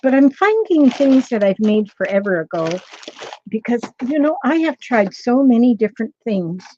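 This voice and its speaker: A woman's voice: a little high, big pitch swings, moderate pace, darkish tone, lo-fi sound, a little hiss or hum. A woman hosting a craft livestream, chatting casually and rambling as she greets viewers by name. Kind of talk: casual live chat with viewers.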